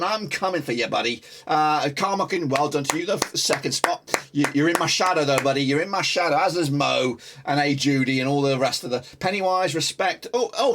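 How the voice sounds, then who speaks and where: A man hosting a football prediction channel, chatting casually to viewers, boastful and hyped, swinging between loud gloating and quiet muttering. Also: on the high side, background noise. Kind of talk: excitable casual chat to viewers.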